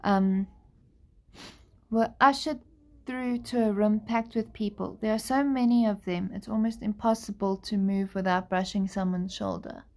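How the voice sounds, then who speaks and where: A woman's voice: mid-range voice, fairly even intonation, unhurried, warm tone. A tired young woman reading a novel aloud on a live stream, breaking off now and then to chat and apologize. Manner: apologetic, laid-back. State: tired, yawning. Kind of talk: live book reading with chatty asides.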